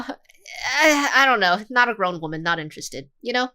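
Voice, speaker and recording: A woman's voice: a little high, moderate pace, bright, forceful tone, clean tone. A young woman streamer reacting to a game video in casual, sarcastic chat, swearing freely.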